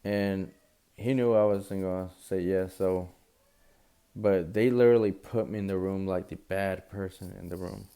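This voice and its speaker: A young man tells a personal story in a loose, slangy way. His voice sits low and dark with a gravelly edge, and his pitch stays fairly flat even as he acts out the quotes. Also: moderate pace. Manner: casual, slangy retelling with quoted dialogue. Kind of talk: casual storytelling vlog.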